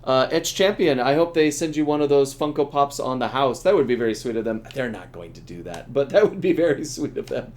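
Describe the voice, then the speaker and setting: This is a middle-aged man talking loosely as he streams a game. He laughs easily, restarts his sentences and keeps the chat relaxed. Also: mid-range voice, brisk, few pauses. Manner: chatty, laughs often, trails off in restarts. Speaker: streamer and voice actor. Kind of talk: casual chat while playing a game.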